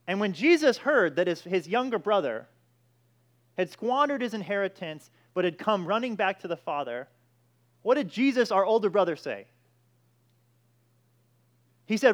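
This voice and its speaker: A man's voice: sits high, big pitch swings, normal speed, pauses often. A man preaching a sermon, emphatic, with frequent restarts and repeated "all right".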